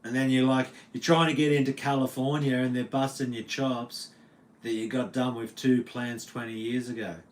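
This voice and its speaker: A man's voice: medium pitch, little pitch movement, normal speed. A middle-aged man with an Australian accent, chatting casually and profanely on a livestream as a metal guitar teacher at home. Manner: laid-back, slangy and profane.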